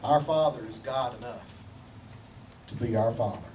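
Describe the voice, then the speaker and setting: A man's voice: medium pitch, a little slow, darkish tone. A man preaching a sermon in a church with emphatic rhetorical questions, repetition and folksy humor. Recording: distant mic with faint background noise.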